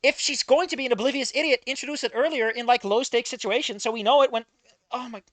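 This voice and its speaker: Reading fan fiction aloud and reacting, a woman talks at a quick pace in a slightly high, fairly bright voice on a dry recording. Casual and exasperated, she gets emotional, curses often and airs her frustration.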